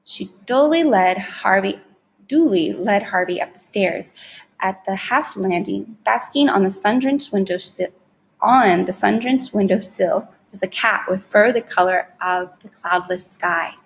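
A woman narrating a storybook chapter in an expressive, measured storytelling voice. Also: mid-range voice, vocal fry, husky, rough recording. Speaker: storybook reader. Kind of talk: audiobook narration.

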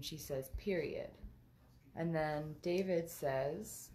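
A woman co-hosting a livestream, reading viewers' comments aloud in a halting way with fillers. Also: lowish voice, a little mellow, a little hiss or hum.

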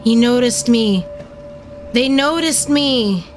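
A woman's voice: high voice, takes it slowly, long pauses. A young woman playing a horror game for her channel, panicking and narrating her moves as she goes. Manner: panicky, yelling reactions. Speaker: gaming channel host. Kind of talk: let's play commentary. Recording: game music behind voice. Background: game music.

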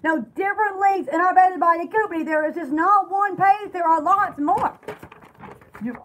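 A woman's voice: very high-pitched, normal speed, a bit bright, a little hiss or hum. A woman hosting a casual live sale of bath products, chatty and giggly, rambling between product lists. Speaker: online shop host selling bath products. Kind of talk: casual live sales chat.

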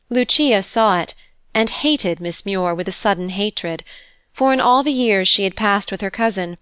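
A woman narrating a classic novel as an audiobook in a measured, expressive reading. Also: medium pitch, clear, resonant tone, dry recording. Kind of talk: scripted narration.

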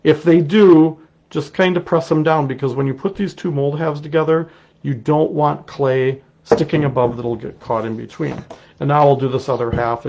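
A middle-aged man with a Wisconsin accent, demonstrating a clay technique in a relaxed, chatty way as he works. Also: mid-range voice, gravelly. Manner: relaxed, chatty, explains while working. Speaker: clay artist teaching a technique. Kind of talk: casual live demonstration.

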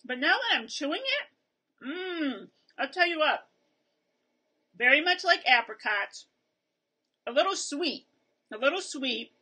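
A woman's voice: high-pitched, pushed and bright. A woman hosting a casual video review of a snack, chatting while she tastes and chews on camera. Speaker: vlog host reviewing snacks.

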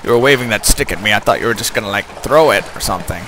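A man's voice: on the low side, expressive, very fast, bright, forceful tone, slight background noise. A man voicing a dim, clingy male zombie who wants brains, whiny and rambling, during game commentary.

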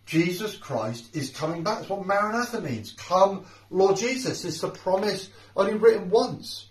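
A man's voice: high voice, expressive, moderate pace. A middle-aged man preaching an informal home sermon, earnest and repeating key phrases for emphasis. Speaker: house church preacher. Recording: roomy sound from a distant mic.

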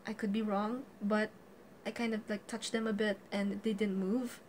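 A woman's voice: medium pitch, little pitch movement, moderate pace, a little mellow, a little hiss or hum. A woman hosting a casual gear tutorial, chatty and giggly, laughing often and joking as she goes. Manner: jokey asides. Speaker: tutorial host.

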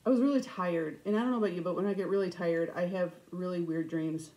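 A middle-aged woman hosting a cross-stitch vlog, chatting casually and telling stories with animated, self-mocking humor. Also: fairly low pitch, fast, poor audio. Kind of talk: casual storytelling chat.

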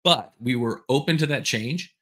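A man's voice: mid-range voice, normal speed, sharp tone. A man hosting a podcast alone, talking candidly in a casual, self-deprecating way, with rambling asides. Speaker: podcast host. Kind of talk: casual solo podcast talk.

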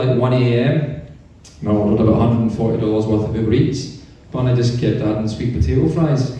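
A man with a Scottish accent doing a stand-up comedy set with deadpan storytelling. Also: medium pitch, heavy reverb, recorded from a distance. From Scotland. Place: hotel pub stage.

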